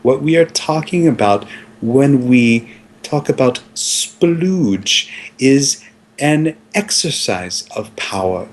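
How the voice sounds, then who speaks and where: A man playing a pompous slow-talking film scholar. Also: medium pitch. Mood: grandiose. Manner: slow, grandiose, halting with many fillers. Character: pompous male film psychoanalyst, solemn. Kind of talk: improvised comedy sketch.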